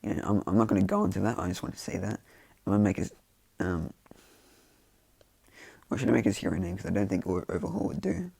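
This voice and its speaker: A man's voice: lowish voice, expressive, fast talker, vocal fry, long pauses, darkish tone, breathy edge, no echo. A man casually retelling a fan-made story in a loose, rambling way full of fillers.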